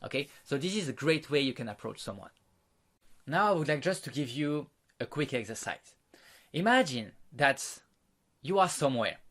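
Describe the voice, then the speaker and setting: A man's voice: mid-range voice, very animated, a bit bright. Man teaching a social skills course. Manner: explanatory, unhurried, frequent fillers and restarts; walks listeners through exercises and demonstrations. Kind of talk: online course lecture.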